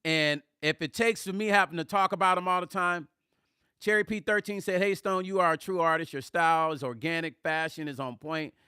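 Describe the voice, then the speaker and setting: A middle-aged man chats casually on a live music stream, reading out viewer comments and answering them. His voice is bright, clear and a little high, and it sits close and dry with no room sound. He talks with animated emphasis and often repeats himself to press a point. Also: fairly quick, dry recording. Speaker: music vlogger hosting a livestream.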